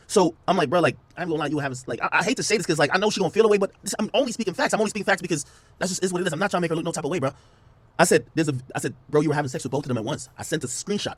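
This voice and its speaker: A man hosting a podcast, telling a story in rapid, emphatic, slang-heavy casual talk. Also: on the high side, fairly bright tone, husky, no echo. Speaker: podcast host. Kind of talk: casual monologue to camera.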